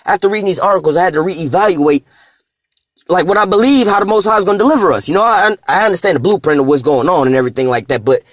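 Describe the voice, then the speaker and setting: This man talks fast in a high-sitting voice, delivering a preachy, profane vlog rant while reading articles aloud. He quotes scripture, repeats himself, and tags almost every line with "man," all captured in a dry, studio-quality recording with no room sound.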